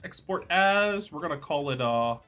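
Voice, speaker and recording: Lively young male streamer. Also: a little high, moderate pace, faint music behind. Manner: chatty, jokey, reads chat aloud. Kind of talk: casual livestream chat.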